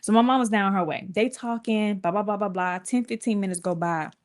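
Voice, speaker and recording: A young woman tells a story to her viewers in a loose, chatty way, full of "like" and quick asides. When she quotes people, her voice leaps up and down in pitch, so the telling sounds animated and theatrical. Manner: animated, acts out quotes with big pitch jumps. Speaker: vlogger. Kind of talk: casual storytime monologue.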